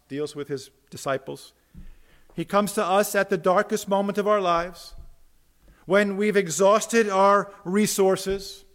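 A man preaching a sermon from the pulpit, his voice sitting high for a man. He delivers with animated energy, acting out quoted lines in bursts and dropping to soft, hushed emphasis. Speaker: pastor.

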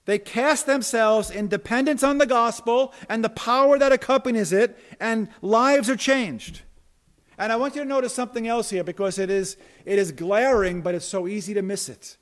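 Man, pastor, sermon, high voice, emphatic, loud to hushed. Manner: repeats words when restarting.

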